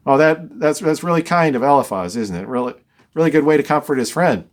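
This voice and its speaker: A man's voice: a little high, lively intonation, a little fast. A man teaching a verse-by-verse Bible study, reading scripture and explaining it conversationally with dry, wry asides.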